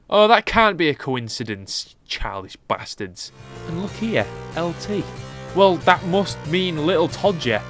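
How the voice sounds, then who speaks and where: A man doing a comedic voice-over review of an old game, sarcastic, sweary and mock-indignant. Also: fairly high pitch.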